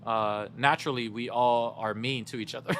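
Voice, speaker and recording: A man's voice: medium pitch, fairly even intonation, normal speed, noisy background. A young man streaming a game, chatting casually with his viewers in a laid-back, slangy way and laughing often.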